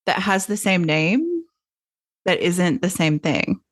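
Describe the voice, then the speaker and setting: Lady podcast host, laid back and kinda tentative, lots of likes, lowish voice. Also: takes it slowly, dry recording, studio quality. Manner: relaxed, tentative, many fillers. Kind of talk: casual podcast discussion.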